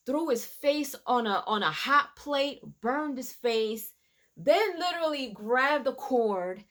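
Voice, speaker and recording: A woman giving a casual, animated recap of a TV episode, quoting the characters as she retells it. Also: a little high. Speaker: reviewer.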